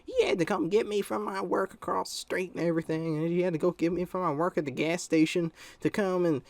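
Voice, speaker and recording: A man's voice: high-pitched, fairly even intonation, a little fast, gravelly, dry recording, voice pushed up. A man doing an indignant angry mom. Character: indignant mother, angry working woman.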